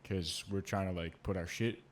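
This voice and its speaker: A man hosting a podcast, telling his own boot camp stories in a relaxed, profane way with lots of fillers. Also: low voice, moderate pace, slight background noise. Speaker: podcast host, former Marine. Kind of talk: casual storytelling chat.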